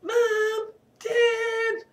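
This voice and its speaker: A man doing a shrill panicked young girl. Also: completely flat delivery, drawn-out words, recorded from a distance, full character voice. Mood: frantic. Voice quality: shrill, cracking high falsetto. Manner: screams and pleads breathlessly. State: out of breath.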